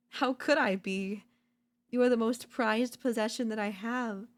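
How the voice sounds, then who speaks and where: A woman voicing a possessive, doting yandere girlfriend in a whispered role-play, talking softly and slowly at a close mic. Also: mid-range voice, gravelly. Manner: soft, possessive, doting, slow and lingering. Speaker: voice actor.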